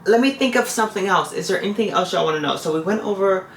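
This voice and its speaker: A woman's voice: medium pitch, fast. A woman talking straight to her viewers in a casual, rambling vlog, often repeating her own phrases. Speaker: vlogger. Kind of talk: casual confessional vlog talk. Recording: echoey room with faint hiss.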